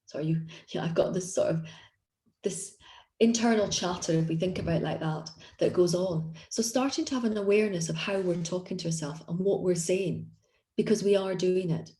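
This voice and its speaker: Speaking fairly quickly in a fairly low, dark-toned voice, this woman is an executive coach leading a confidence session online from an echoey room. Her delivery is warm and chatty, with frequent restarts as she encourages the group.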